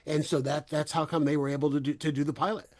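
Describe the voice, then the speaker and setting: A middle-aged man hosting a podcast, his voice sitting a little high for a man. He tells stories with animation and laughs often. The talk is loose and casual. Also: quick pace. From US, San Francisco Bay Area. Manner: animated storyteller, laughs freely. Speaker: podcast host. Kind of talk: casual chat.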